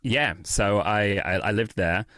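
A British man, a comedian and freestyle rapper, chatting as a podcast guest in a quick, self-deprecating way with many restarts. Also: lowish voice, pushed and bright, no echo, clean studio sound. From Britain. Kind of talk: casual chat.

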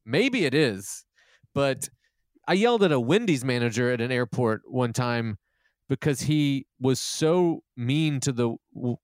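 A comedian chats casually in a self-deprecating, rambling way with many restarts, turning profane and animated when he acts out scenes. His medium-pitched voice is captured in a dry, clean studio recording.

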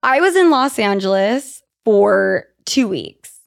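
Gravelly and mid-range, this podcast host's voice is animated even as she takes things slowly. The young Utah woman chats casually and tells stories, laughing and cursing freely along the way.

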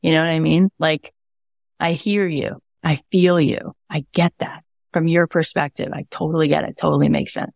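A woman in her thirties hosting a podcast, giving a casual motivational talk in an earnest, animated way with emphatic repetition. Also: deep voice, normal speed, gravelly, dry recording, studio quality. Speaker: podcast host.

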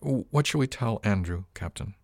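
A man's voice: lowish voice, expressive, moderate pace, creaky, no echo, studio quality. A man reading an audiobook, voicing an eager, polite young woman of the crew who calls her captain sir. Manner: polite, deferential, addresses with sir.

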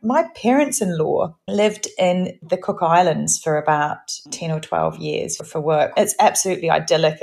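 A woman's voice: fairly low pitch, creaky. Chatty middle-aged woman podcaster. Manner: chatty, emphatic, storytelling. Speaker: podcast co-host. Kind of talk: casual chat.

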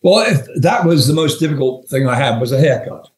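A man's voice: fairly high pitch, animated, a little fast. A man in his seventies from England, a guest telling rambling, profane anecdotes with frequent chuckles. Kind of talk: storytelling interview. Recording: roomy echo.

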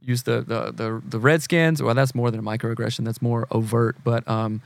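A family counselor in his forties from the US South, with a Southern accent, appears as a guest on a casual podcast, earnestly explaining ideas. His mid-range voice is gravelly, at normal speed, with no room sound. He's animated and acts out the people he quotes.

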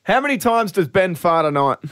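A man's voice: high-pitched, sing-song, fairly quick, fairly bright tone, a little hiss or hum. A man co-hosting breakfast radio, laid-back and joking. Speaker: radio co-host.

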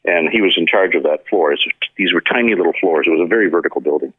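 A man's voice: sits low, fast, breathy edge, dry recording. A man telling stories as an interview guest, acting out the voices of people in his stories. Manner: animated storyteller who acts out quoted dialogue. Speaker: guest, effects pedal maker. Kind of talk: casual storytelling interview. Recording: tinny phone-line sound.

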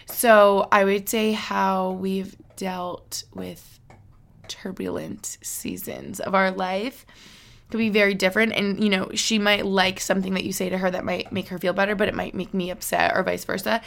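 Woman, 20s, podcast host, casual candid chat, frequent fillers, gravelly vocal fry. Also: mid-range voice, little pitch movement, moderate pace, fairly bright tone. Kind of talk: casual solo podcast talk.

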